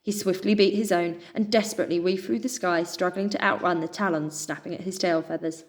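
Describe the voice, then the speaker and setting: A woman reading a children's adventure story aloud with expressive narration. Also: lowish voice, brisk. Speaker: children's book reader.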